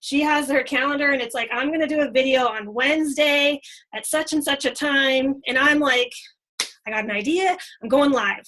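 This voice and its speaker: A high-pitched woman talks eagerly to her team, chatty and full of fillers. Her voice is bright and forceful. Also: rough recording. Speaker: team leader. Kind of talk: casual team training talk.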